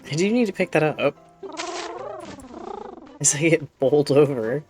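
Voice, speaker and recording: A chatty streamer rambles through a live game session in a middle-pitched voice, stopping to talk fondly to a pet cat. Light game music plays faintly underneath. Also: lively intonation, a little slow, darkish tone.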